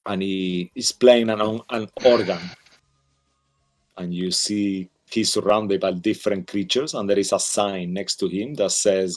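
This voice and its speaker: A man's voice: deep voice, unhurried. A man narrating a tabletop game as game master, hesitant, with many ums and likes.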